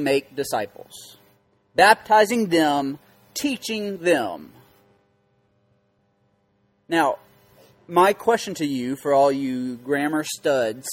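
A pastor teaches scripture emphatically in an interactive Bible lesson, repeating key words and quizzing his listeners. His voice is a little high and a little mellow.

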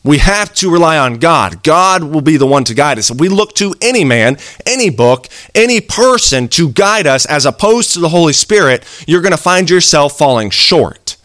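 A man's voice: fairly high pitch, expressive, moderate pace, few pauses, fairly bright tone, dry recording, clean studio sound. A man preaching a sermon in an earnest, conversational way, acting out little quoted exchanges.

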